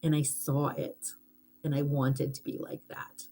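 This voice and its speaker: A woman's voice: low-pitched, flat delivery, measured pace, dark tone, a little hiss or hum. A middle-aged woman hosting a live stream, chatting casually and heartfeltly, rambling a little and thanking viewers for gifts.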